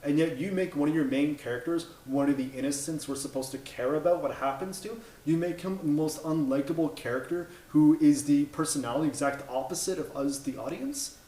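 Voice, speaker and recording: A man's voice: fairly high pitch, fairly quick, hardly any pauses, dark tone. A man in his thirties giving an opinionated movie review rant, blunt and exasperated, swearing and tripping over his words. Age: 30s. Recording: echoey room.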